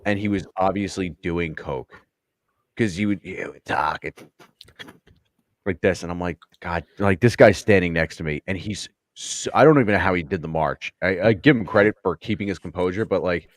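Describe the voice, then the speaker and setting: A man's voice: low-pitched, normal speed, dry recording, studio quality. A man co-hosting a podcast, telling a profane story in casual chat and acting out what others said. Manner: storytelling, swearing, acts out quotes. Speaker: podcast co-host.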